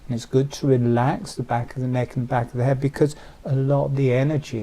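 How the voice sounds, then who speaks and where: Man, meditation teacher, slow soothing guidance, warm mellow tone, faint hiss behind. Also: mid-range voice, level tone, low-quality recording. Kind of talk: guided breathing instruction.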